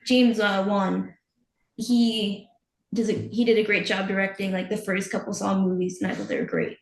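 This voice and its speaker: A woman's voice: medium pitch, level tone, moderate pace, reverberant. A woman guest chatting casually on a podcast, giggly and talkative. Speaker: guest filmmaker.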